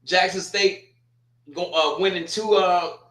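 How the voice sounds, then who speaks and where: Man, sports talk host, teasing, repetitive, bright voice, echoey room. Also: sits high, steady tone, slow. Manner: teasing, trash-talking, repeats himself. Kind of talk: casual sports commentary. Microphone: streaming setup.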